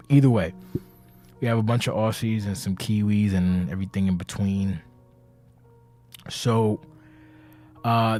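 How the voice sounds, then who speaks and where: Brief: man with a lowish voice, rambling and profane, sounds tired and anxious, faint music underneath. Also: a little mellow. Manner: rambling, profane, self-interrupting. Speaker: community leader of an online wrestling game league. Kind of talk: casual podcast monologue. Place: indoors, seated.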